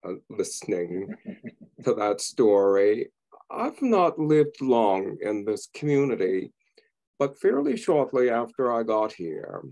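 A man's voice: lowish voice, vocal fry, darkish tone. A man moderating a church education event, thanking the speakers and speaking in a moved way. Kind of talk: public talk. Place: church meeting.

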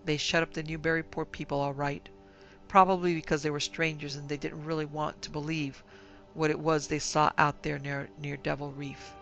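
Guy reading a creepy story, slow grave delivery, flat monotone, pretty high voice. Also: creaky, low-quality recording. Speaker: narrator. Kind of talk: scripted horror story narration.

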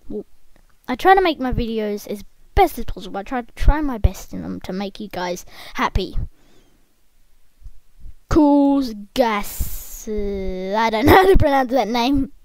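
Brief: high, lively-voiced woman commentating a game at home, chatty and excitable, close desk mic. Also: normal speed, dry recording. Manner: excitable, bursts into shrieking yells; chatty, talks straight to the viewers. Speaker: gameplay commentator. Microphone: desk microphone, close.

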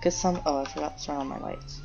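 A woman's voice: low-pitched, huge pitch swings, fast talker, vocal fry, dull audio, background noise. A young woman chatting casually while playing a firefighter game, making radio calls and talking to her cats.

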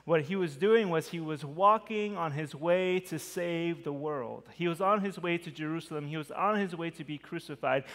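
A male pastor with a slightly high voice delivers a sermon in a conversational way, leaning into key words with lively emphasis. His voice trails off into the long reverb of a church sanctuary.

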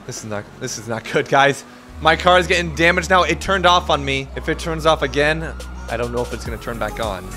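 A young man giving excited running commentary over his roleplay gameplay, often yelping and shouting. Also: fairly high pitch, fairly quick. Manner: shouts and yelps during chases. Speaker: gaming YouTuber. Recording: game music behind.

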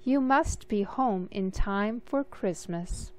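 A woman voicing a brisk, confident, kindly aunt in a storybook read-aloud, affectionate in manner. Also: medium pitch, a little mellow, lightly acted.

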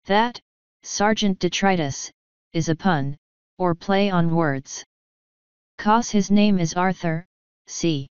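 A chatty, dim middle-aged sergeant rambles through his explanations, as a woman reader puts him on. The voice is slow and very clear with a dry, dull lo-fi sound. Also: fairly low pitch, no echo.

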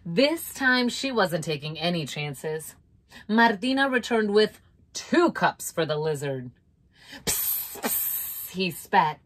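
A woman reading a children's picture book aloud, expressive and playful, with asides to listeners. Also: fairly low pitch, slow, a little hiss or hum. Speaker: storyteller.

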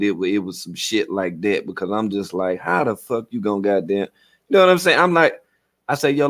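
A man hosting a livestream, ranting profanely and acting out quotes as he tells his stories. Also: mid-range voice. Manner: profane, animated storytelling with acted-out quotes. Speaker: livestream host. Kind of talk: casual livestream rant.

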